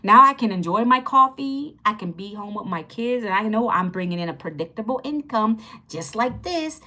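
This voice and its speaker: Bright upbeat woman chatting on a livestream. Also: medium pitch, expressive, normal speed. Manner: chatty and upbeat, greets viewers, repeats phrases. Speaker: livestream host teaching online income. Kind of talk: casual livestream chat.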